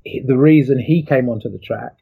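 A man's voice: medium pitch, fairly quick, gravelly, breathy edge, phone-quality sound. A middle-aged man, a former athlete, telling his story in an interview in a reflective, emotional way with many fillers.

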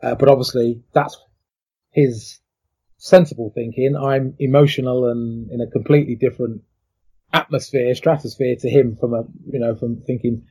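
A man's voice: mid-range voice, fairly even intonation, normal speed, dark tone, slightly rough. A middle-aged man, a former athlete, telling his story in an interview in a reflective, emotional way with many fillers.

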